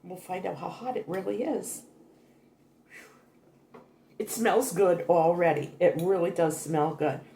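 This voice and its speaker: A woman's voice: fairly low pitch, measured pace, creaky, long pauses, mellow, reverberant. Older woman chatting through a cooking demo. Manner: chatty, homey, self-correcting. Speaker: cooking vlogger. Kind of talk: casual cooking demonstration. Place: home kitchen.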